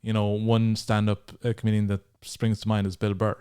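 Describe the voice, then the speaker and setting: A man's voice: on the low side, monotone, moderate pace, dark tone, clean tone. An Irish man hosting a casual podcast interview, chatting eagerly about comedy. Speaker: podcast host.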